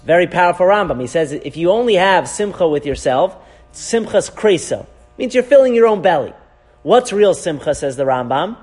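A man teaching a Torah class as a rabbi, animated, asking rhetorical questions and weaving in Hebrew terms. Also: high voice, normal speed, soft background music. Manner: animated, asks rhetorical questions, frequent "right?".

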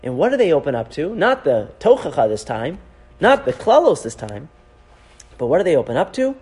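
A man teaching a Torah class as a rabbi, animated, asking rhetorical questions and weaving in Hebrew terms. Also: a little high, fairly quick, slightly rough. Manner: animated, asks rhetorical questions, frequent "right?".

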